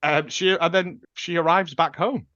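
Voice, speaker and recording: A man's voice: a little high, steady tone, normal speed, bright, forceful tone, dry recording, lo-fi sound. A man co-hosting a casual film review podcast, ranting and swearing freely. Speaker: podcast co-host.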